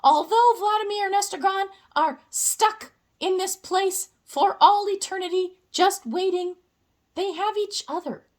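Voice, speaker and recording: A woman's voice: very high-pitched, a little slow. A young woman giving a casual, playful explainer with jokey asides.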